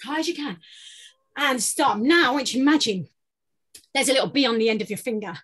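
A British woman leading a guided vocal warm-up workshop, giving playful, encouraging instructions. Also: sits high, animated, fairly quick, husky. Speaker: voice workshop leader.

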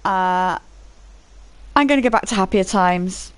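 A woman's voice: mid-range voice, a little slow, smooth, no room sound. A woman giving casual, chatty commentary while playing a video game, often poking fun at herself. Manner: chatty, self-deprecating running commentary. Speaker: let's play gamer.

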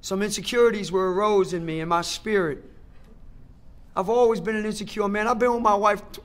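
A middle-aged man with a high, slightly bright voice gives a personal testimony at a recovery meeting. He speaks emphatically and conversationally, addressing the crowd directly and repeating phrases for effect.

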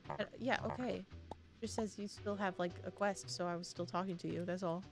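A woman's voice: on the low side, fairly even intonation, fairly quick, faint music behind. Playful woman streaming a game. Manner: playful, joking asides. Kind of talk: casual game commentary.

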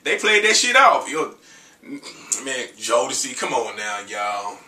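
Raspy-voiced man chatting loosely, far from mic. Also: mid-range voice, big pitch swings, slow, bright, forceful tone, echoey room, a little hiss or hum. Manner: loose, profane, joking chat between sung snippets. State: getting over a cold. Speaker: R&B singer. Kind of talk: casual vlog with singing.

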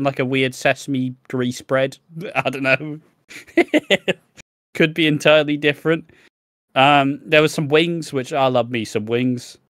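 A man's voice: a little high, a bit bright, dry recording, clean studio sound. A young man co-hosting a podcast in casual chat, rambling and swearing freely, laughing often and losing his train of thought. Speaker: podcast co-host.

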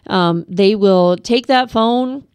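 A middle-aged woman giving a parenting class over a webcast, calm and practical, speaking straight to parents with advice. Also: mid-range voice, slow, clean tone, no echo. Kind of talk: instructional webcast talk.

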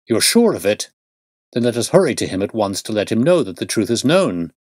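A man's voice: on the low side, very animated, brisk, darkish tone, no room sound, clean studio sound. A man voicing an anguished middle-aged male banker who pleads and exclaims in distress. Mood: alarmed.

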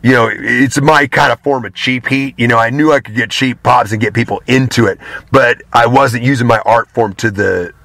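A man speaking as an interview guest, candid and loose, drifting from point to point and swearing in passing. His voice is bright and forceful. The sound is dry, with no room around it. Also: medium pitch, fairly even intonation, moderate pace, gravelly, few pauses, dry recording. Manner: candid, rambling, swears casually. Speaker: guest, pro wrestler. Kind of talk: casual interview talk.

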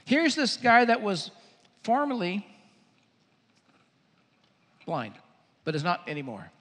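High, animated man preaching a sermon. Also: slow pace. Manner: animated storytelling, acting out scenes. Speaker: pastor. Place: church. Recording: echoey hall.

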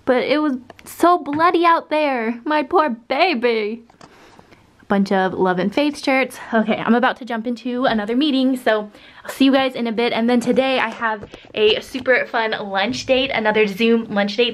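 Woman vlogger, chatty and upbeat, higher voice, filler-heavy casual talk at home. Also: normal speed. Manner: chatty, says "like" a lot. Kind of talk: casual vlog chat. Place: home office.

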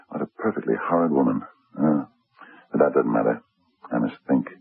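A man's voice: rumbling low, moderate pace, gravelly, slightly rough, full character voice. A stammering, panicky bewildered man. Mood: frightened. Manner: stammering, panicky, muttering to himself. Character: frightened, bewildered middle-aged man hearing voices. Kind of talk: 1970s radio drama acting. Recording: tinny old radio broadcast.

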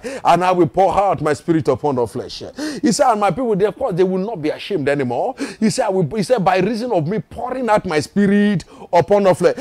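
A man's voice: high-pitched, a little mellow. A man from Nigeria preaching a sermon as pastor, emphatic and repetitive, often asking the congregation if they follow. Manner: emphatic, repetitive preaching with quick rhetorical questions.

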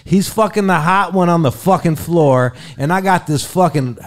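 Profane, animated man telling a raunchy story. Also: on the high side, normal speed. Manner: profane, animated, acts out quotes in a raised voice. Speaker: radio personality and interview guest. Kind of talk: crude storytelling in casual chat.

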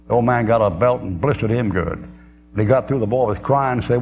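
A man's voice: medium pitch, brisk, creaky. A man, preaching a folksy sermon, telling stories and laughing often. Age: 70s. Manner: folksy storytelling, laughs often, drawling asides. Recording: dull lo-fi tape with faint hum.

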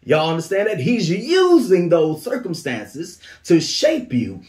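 A man's voice: high voice, wildly swooping pitch, a little slow, darkish tone, reverberant. A man preaching a sermon as pastor, repeating phrases in a rhythmic call-and-response way. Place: church.

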